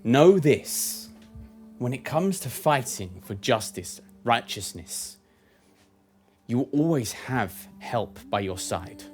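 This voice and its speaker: A man voicing a grave, quiet celestial being. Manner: grave, measured, low and quiet. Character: calm blind celestial being in man's form.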